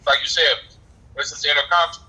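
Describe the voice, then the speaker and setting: A man's voice: on the high side, flat delivery, quick pace, pushed and bright, poor audio. A man in casual chat, offering encouraging, faith-minded advice.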